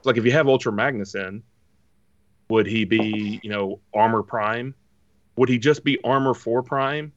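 A man's voice: lowish voice, measured pace, dry recording, distant mic, lo-fi sound. A man co-hosting a casual podcast chat, rambling and joking as he sets up the topic. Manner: rambling, joking, mimics other fans. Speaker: podcast co-host.

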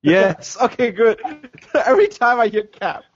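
Animated man in casual chat. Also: high voice, unhurried. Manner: animated, chuckles often, rambling. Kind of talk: casual chat about retro cartoons and toys. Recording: dull lo-fi dry sound.

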